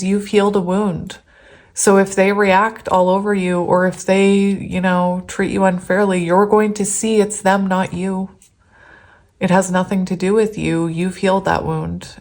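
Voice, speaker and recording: A woman talking straight to her viewers through a tarot reading. She rambles and chats freely and breaks into laughter often as she turns the cards. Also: lowish voice. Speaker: tarot reader. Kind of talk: casual pick-a-card tarot reading.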